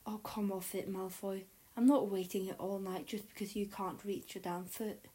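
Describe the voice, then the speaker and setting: A woman playing an earnest teenage boy in a storybook, blunt and impatient. The voice is a touch brighter than the narration while staying warm and mellow. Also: medium pitch, little pitch movement, normal speed, close to an everyday voice. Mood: exasperated. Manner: blunt, impatient, stammering when flustered.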